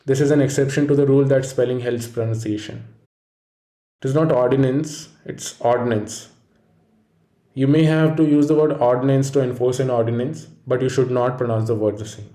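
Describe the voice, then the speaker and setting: A man giving a scripted pronunciation lesson in a measured, explanatory way. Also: mid-range voice, steady tone, warm tone, roomy sound. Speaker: pronunciation teacher. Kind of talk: scripted instructional narration.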